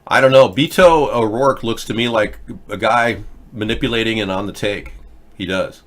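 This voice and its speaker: A man with a fairly low voice speaking at normal speed hosts a live political video chat show, talking bluntly and rambling as he restarts his words. He answers viewers in the chat and mocks them in casual live-stream talk.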